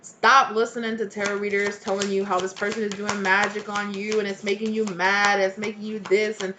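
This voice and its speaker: A woman's voice: mid-range voice, level tone, fairly quick. Woman reading tarot for viewers, chatty and blunt, cusses a lot, rambles, bit of faint hiss. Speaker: tarot reader.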